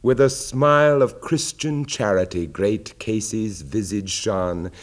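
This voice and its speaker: Guy doing a dramatic poem reading, slow and deliberate, goes low and quiet on the big lines. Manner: measured, dropping low and quiet for weighty lines. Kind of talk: dramatic poetry recitation.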